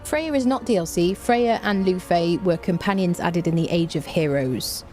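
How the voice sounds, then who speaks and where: Game streamer: woman, lowish mellow voice, chatty, self-deprecating. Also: normal speed, soft background music. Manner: chatty and self-mocking, hums to herself. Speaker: streamer playing a survival game. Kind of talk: casual gameplay commentary.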